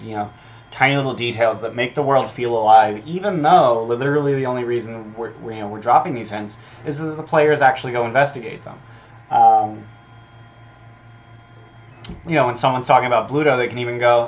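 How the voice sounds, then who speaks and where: A man with a mid-range voice talks fairly quickly as he gets ready to run a tabletop game session. He reads his adventure notes aloud casually, swearing and filling gaps with lots of ums as he thinks out loud.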